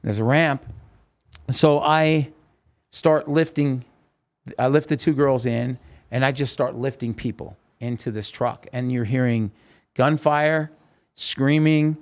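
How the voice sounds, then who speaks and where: A man's voice: medium pitch, steady tone, slow. A man with a mid-range voice recounts a personal story as a podcast guest. He tells it vividly and with intensity, and he acts out the lines of the people in the story. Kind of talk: personal story told in an interview.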